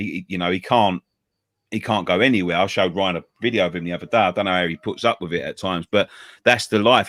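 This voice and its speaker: A man telling a story in casual show chat, animated, stammering and repeating words, swearing freely and acting out others' lines. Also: low voice, dry recording, studio quality. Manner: acts out other people's lines in a raised voice. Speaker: show co-host.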